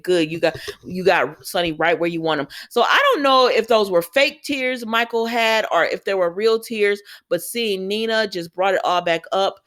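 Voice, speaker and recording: Chatty woman recapping a soap. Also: mid-range voice. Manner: retells scenes in quoted dialogue, chatty asides; laughs and exclaims at the characters. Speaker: soap opera recap host. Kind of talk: casual recap vlog.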